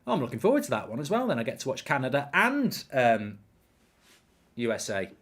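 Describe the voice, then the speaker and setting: A man's voice: medium pitch, wildly swooping pitch, fairly quick, a bit bright, slightly rough. A man hosting a live football watchalong, chatting casually, reading out viewer comments and rambling with repeated words.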